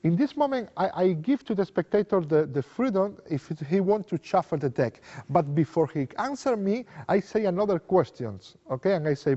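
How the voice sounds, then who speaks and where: Explaining a card magic technique, this man speaks non-native English in simple, repeated phrases and performs sample lines as if to a spectator. He sounds high and animated with a dark tone, keeping a moderate pace with few pauses. Long reverb and dull lo-fi sound color the audio.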